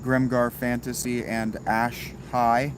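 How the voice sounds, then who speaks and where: A man hosts a casual livestream and answers his chat in a laid-back, wry way, tossing in the odd curse. His voice sits at an ordinary pitch. Behind him there is a steady hiss with crickets chirping outdoors. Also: takes it slowly. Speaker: livestream host reading chat.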